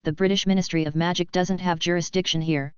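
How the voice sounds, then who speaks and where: A woman reading as a relaxed young professor. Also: fairly low pitch, quick pace, smooth, no echo, highs cut off, natural voice. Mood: easy. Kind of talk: audiobook character reading.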